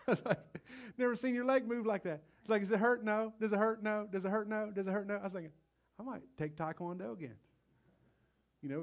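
A middle-aged man preaching a live sermon at a church service, energetic and exhorting, swinging between loud outbursts and low, quiet passages. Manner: energetic, exhorting, calls out "come on". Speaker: pastor.

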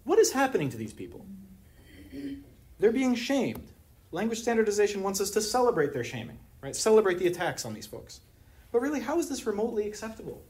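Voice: mid-range voice, sing-song, a little fast, a little mellow. Wry lecturer. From Pittsburgh, USA. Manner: wry, humorous, rhetorical questions. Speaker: anthropology lecturer. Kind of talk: academic colloquium talk. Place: university lecture room.

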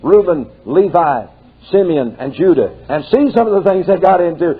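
An older man preaching a folksy, storytelling sermon that climbs into fervent outbursts. His voice is high-pitched and husky. The recording is narrow and tinny, like an old cassette. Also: animated, moderate pace. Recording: tinny lo-fi tape.

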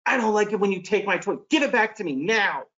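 Here is a man acting out an angry child who demands a toy back, raised high and loud. The recording sounds dull and lo-fi. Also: animated, fast talker. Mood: aggressive.

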